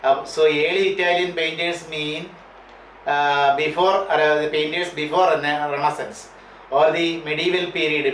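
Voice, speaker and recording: A man with an Indian English accent lectures a class at a slow, patient pace, repeating each key term and spelling some out letter by letter. His voice sits a little high for a man. The room is echoey, with a faint hiss underneath. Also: a bit bright. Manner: repeats and spells out key terms, frequent uh and you know. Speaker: teacher.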